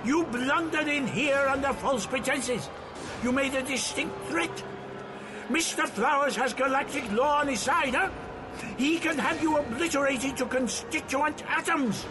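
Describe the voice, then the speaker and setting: An actor playing a stern, imperious elderly time traveller, snarling urgently in an audio drama clip with music behind. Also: male voice, very high-pitched, unhurried, background noise.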